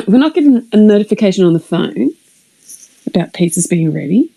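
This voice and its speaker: A woman's voice: medium pitch, moderate pace, gravelly, long pauses, poor audio. Rambling woman telling a story. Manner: rambling and animated, swearing, dropping to whispers. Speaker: streamer. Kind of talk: casual anecdote on a live stream.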